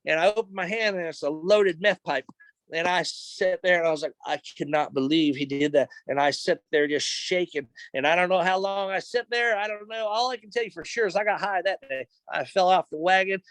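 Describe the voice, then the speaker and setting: A man's voice: high-pitched, fairly quick, fairly bright tone, no echo, low-quality recording. A middle-aged man sharing a personal testimony in his office, earnest and emotional, retelling events in a conversational way. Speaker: speaker sharing a recovery testimony.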